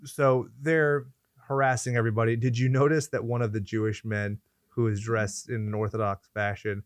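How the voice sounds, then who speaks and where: A man chatting casually on a podcast, full of sarcastic jokes and deadpan asides. His voice sits in the middle range, recorded close and dry with no room echo. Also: medium pitch, normal speed, clear, resonant tone. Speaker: podcast host. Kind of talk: casual movie review chat.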